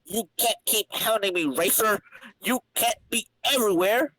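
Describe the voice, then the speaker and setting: A man's voice: high voice, moderate pace, bright, forceful tone, no room sound, pitched above the performer's own voice, rough recording. A man voicing a ruined middle-aged businessman villain who laments melodramatically, in a comedic dramatic reading of a comic. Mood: defiant. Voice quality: melodramatic, self-pitying.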